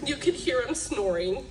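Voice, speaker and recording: A woman's voice: high-pitched, background noise. A young woman reading a eulogy for her parents at a memorial, emotional and laughing through tears. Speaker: daughter giving a eulogy. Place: memorial gathering hall. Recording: echoey room, mic from a distance.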